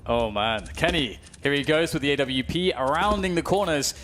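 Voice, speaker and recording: A man with a British accent calling live esports play-by-play, talking fast and rising to excited shouts on big plays. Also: a little high. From United Kingdom. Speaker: esports caster. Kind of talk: play-by-play commentary. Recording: clear background noise.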